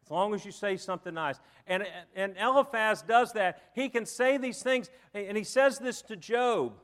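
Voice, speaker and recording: A man preaches a sermon, his voice sitting noticeably high. He mixes folksy humor into dramatic storytelling, in the manner of a pastor addressing his congregation. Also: normal speed, hardly any pauses, fairly bright tone. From Southern United States.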